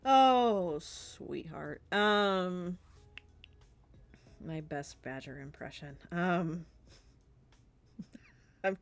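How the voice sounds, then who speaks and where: A woman's voice: on the low side, drawn-out words, long pauses, fairly bright tone. A woman with a Southern US accent, a streamer chatting casually and rambling with lots of fillers and giggles during a Q&A. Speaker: streamer and artist.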